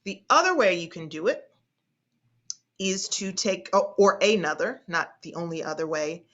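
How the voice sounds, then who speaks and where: A woman speech instructor teaching an online class, hesitating often and slowly stretching out vowel sounds as she demonstrates them. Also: lowish voice, animated, fairly bright tone, lo-fi sound. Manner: hesitant, with frequent fillers and restarts.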